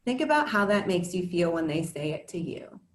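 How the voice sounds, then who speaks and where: A woman's voice: lowish voice, sing-song, normal speed, roomy sound. Woman giving an earnest scripted parenting talk. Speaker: educator and parent presenter. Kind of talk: prepared webinar talk to parents.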